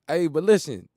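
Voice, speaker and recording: A man's voice: on the high side, warm tone, no echo, studio quality. Emphatic man riffing on talk radio. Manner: rambling, emphatic, repeats phrases, laughs at his own jokes. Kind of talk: casual monologue.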